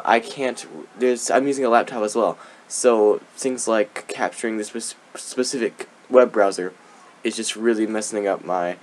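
A young man giving casual, rambling gameplay commentary, giggling often and tossing in sarcastic asides. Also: fairly low pitch. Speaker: let's play gamer.

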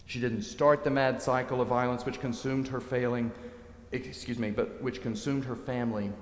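A male priest preaching a sermon, telling a story in a lively way and acting out the quotes. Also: medium pitch, moderate pace. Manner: animated storyteller, dramatizing quotes. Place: church. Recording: echoey church, long reverb.

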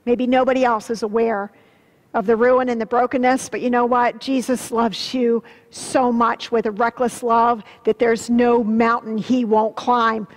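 A woman pastor giving an earnest sermon, swelling with emphasis and dropping low and soft on solemn words. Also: flat delivery, a little slow. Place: church sanctuary. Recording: long church-hall reverb.

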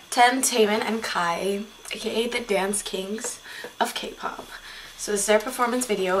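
A young woman vlogging her reaction to a dance video, excitable and gushing, swearing casually. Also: on the high side, far from the mic, a little hiss or hum, rough recording. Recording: loud music playing behind the voice.

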